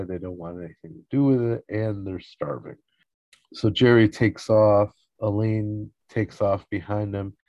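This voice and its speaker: A man with a low, dark voice recaps an episode at an unhurried pace. He keeps it relaxed and often slips into acted-out quotes. The close, dry recording sounds dull and lo-fi. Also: no room sound. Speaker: podcast host recapping a sitcom episode.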